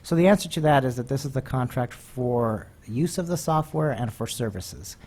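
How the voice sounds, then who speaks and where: A man presenting a proposal at a school board meeting, talking in a halting way with many ums and restarts. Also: mid-range voice, lively intonation, darkish tone. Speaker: district administrator presenting a proposal.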